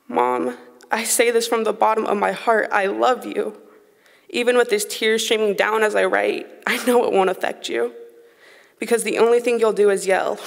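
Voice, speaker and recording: A woman's voice: medium pitch, level tone, moderate pace, vocal fry. A young woman in her late teens performing a spoken word poem on a concert hall stage, with an earnest, emotionally raw delivery. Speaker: high school slam poet. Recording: long reverb of a concert hall.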